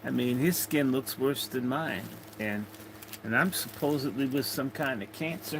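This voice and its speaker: A man's voice: medium pitch, a little slow, noisy background. A man hosting a casual livestream, rambling and joking as he reads out viewer comments. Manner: rambling, jokey, chatting to viewers. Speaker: livestream host.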